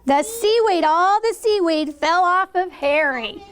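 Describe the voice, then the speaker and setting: A woman's voice: very high-pitched, expressive, measured pace, slight background noise. A woman teacher in a classroom, teaching vocabulary to young children, asking questions and encouraging them to act out words.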